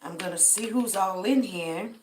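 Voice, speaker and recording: A tired middle-aged woman from Denver hosts a casual livestream roll call, greeting viewers by name and drawling friendly shout-outs. Her voice is medium-pitched at normal speed, with slight background noise.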